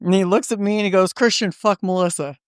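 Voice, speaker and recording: A woman's voice: mid-range voice, fast, smooth, no room sound, studio quality. A woman guest on a podcast, telling stories animatedly and swearing freely, acting out what people said. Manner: animated, acts out quotes in shifting voices, swears freely. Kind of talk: casual storytelling chat. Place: podcast studio.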